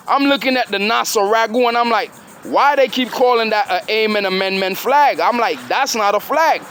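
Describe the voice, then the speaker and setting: A man's voice: sits high, a bit bright, a little hiss or hum. A man delivering a rambling, grandiose monologue, preachy and full of rhetorical questions. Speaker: self-styled spiritual speaker.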